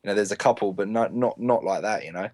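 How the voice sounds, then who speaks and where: A man's voice: fairly low pitch, fast talker, darkish tone, no room sound. A young man, a podcast guest, chatting easily with short replies and laughing along. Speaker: podcast guest, paintball player. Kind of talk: casual chat.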